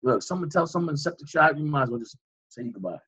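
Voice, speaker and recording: A man, a guest on an interview show, recounting a dramatic personal story with vivid, animated reenactments. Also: fairly high pitch, quick pace, husky, highs cut off.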